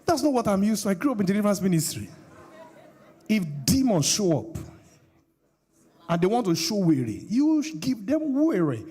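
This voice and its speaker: A man's voice: high voice, very animated, normal speed, pauses often, a little mellow, slightly rough, a faint crowd. A middle-aged male pastor, preaching a sermon with call-and-response questions to the congregation.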